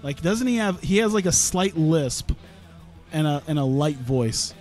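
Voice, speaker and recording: Guy streaming a sports game, kinda high voice, rambles and trips over his words, faint music behind him. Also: expressive, a little slow, darkish tone. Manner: rambling, self-interrupting, laughs at own jokes. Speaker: gaming streamer. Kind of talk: casual gameplay commentary.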